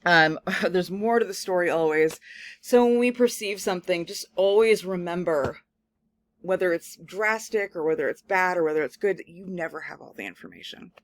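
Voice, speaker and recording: A woman's voice: on the low side, moderate pace, no echo. Chatty woman professor, dry sound. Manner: casual, animated storytelling full of "like" fillers. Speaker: communication studies professor. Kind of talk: recorded lecture with personal anecdote.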